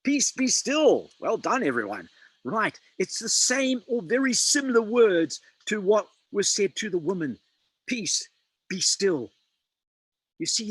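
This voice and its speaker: Dramatic preacher, husky mid-high voice. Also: male voice, a bit bright, no room sound, low-quality recording. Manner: dramatic, quoting scripture with shifting voice and slow emphatic pauses. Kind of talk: sermon.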